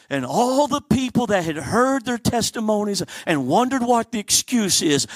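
Animated preacher man with a high voice. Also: dry recording. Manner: animated storytelling, acting out characters. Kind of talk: sermon.

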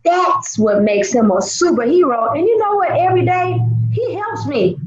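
Animated woman teaching children playfully. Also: very high voice, moderate pace, roomy sound, dull audio. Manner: playful, theatrical, expressive. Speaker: children's church presenter.

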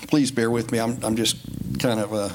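A man preaching a folksy, conversational sermon in a church, building to emphatic high points. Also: flat delivery, moderate pace. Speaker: lay preacher. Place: church sanctuary. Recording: faint background noise.

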